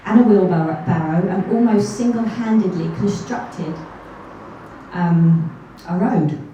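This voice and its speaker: A woman's voice: lowish voice, takes it slowly, mellow, lo-fi sound, slight background noise. A woman telling a true story on stage at a live event, chatty and self-deprecating, with little asides. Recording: echoey hall from far off.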